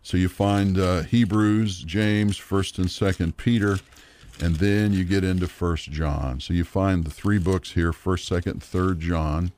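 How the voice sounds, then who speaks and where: Deep-voiced man teaching a sermon. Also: fairly even intonation, darkish tone. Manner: earnest, measured, with frequent fillers and restarts. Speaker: Bible teacher.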